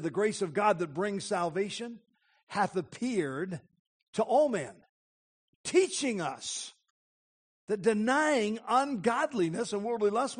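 Slow, emphatic male preacher. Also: high-pitched, husky. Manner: deliberate, emphatic preaching with repeated phrases. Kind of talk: sermon.

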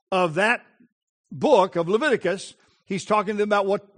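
A pastor preaching a sermon, teaching earnestly with rhetorical questions and dry self-deprecating asides. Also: male voice, sits high.

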